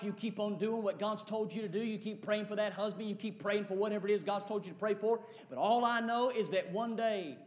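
High-voiced pastor preaching hard, goes from whisper-soft to yelling, big echoey church. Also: male voice. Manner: impassioned preacher, swings from hushed to shouting. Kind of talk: sermon. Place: church sanctuary.

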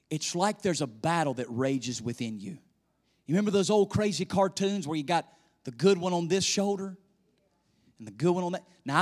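A male pastor preaching a sermon in a church, swinging between loud emphasis and hushed near-whispers. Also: a little high. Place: church sanctuary. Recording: echoey church hall reverb.

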